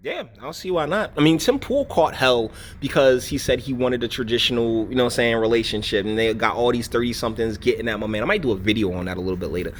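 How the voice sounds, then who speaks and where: A man's voice: quick pace, hardly any pauses, a little hiss or hum. A man hosting a reaction commentary, mocking and retorting over a clip he plays. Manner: mimics women in a high squeaky voice. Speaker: commentary channel host.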